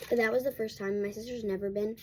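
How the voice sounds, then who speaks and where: A woman's voice: a little high, fairly even intonation, quick pace, a little hiss or hum. A young woman vlogger telling a casual storytime at home while getting ready, rambling with many restarts and fillers.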